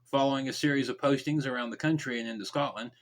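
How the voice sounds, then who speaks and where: A man's voice: medium pitch, fairly even intonation. A man hosting a true crime podcast, reading the case aloud and breaking off into casual, joking side comments. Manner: reads facts briskly, then drops into mumbled, joking side comments.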